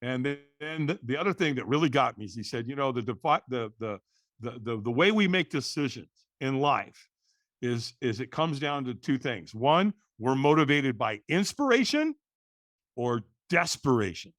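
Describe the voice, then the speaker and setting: Animated middle-aged man telling a story. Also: mid-range voice, normal speed, no room sound, clean studio sound. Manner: animated, acts out voices in quotes, restarts words. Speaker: guest. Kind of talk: storytelling in a podcast interview.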